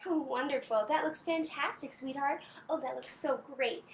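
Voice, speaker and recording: Belle, a sweet high-voiced princess played by a young woman. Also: slight background noise. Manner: sugary sing-song voice with soft giggles; talks slowly to a toddler, pausing for answers. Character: sweet cheerful young princess, gentle and doting. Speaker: costumed princess character. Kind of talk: personalized birthday greeting to a small child.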